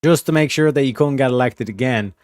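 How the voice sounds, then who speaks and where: A man's voice: medium pitch, a little fast, darkish tone, no echo, studio quality. A man from California with a rural, Southern-tinged accent, rambling and swearing as he chats with his stream audience. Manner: profane, rambling, talks to chat. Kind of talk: casual livestream commentary.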